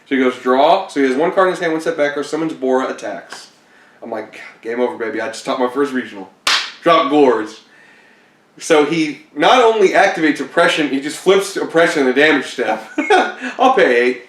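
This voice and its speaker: A man's voice: medium pitch, fairly quick. A man casually telling stories about his card game tournaments, laid-back and self-deprecating, laughing often. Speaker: competitive card game player. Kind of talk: casual storytelling interview. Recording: roomy echo, mic at a distance.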